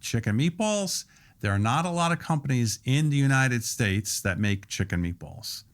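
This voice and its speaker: With a mid-range voice at a moderate pace, a man in his sixties talks as a guest on a podcast. He runs a restaurant and lays things out thoroughly, steady and detailed, taking his time over each point.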